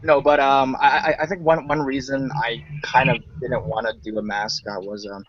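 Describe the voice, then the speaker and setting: A man hosting a casual online livestream, talking in a loose, rambling way with frequent laughs. His voice sits at an ordinary middle pitch. The sound comes through a slightly dull, muffled online call line. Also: little pitch movement, normal speed, dry recording. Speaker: podcast host.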